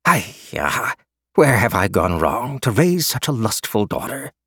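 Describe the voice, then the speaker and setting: A fond older father who sighs and fusses with mock exasperation, as the narrator puts him on. He speaks in a low, plain voice, close and dry. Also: big pitch swings, a little slow, a bit bright, husky, dry recording, full character voice. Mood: exasperated. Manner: exasperated sighing.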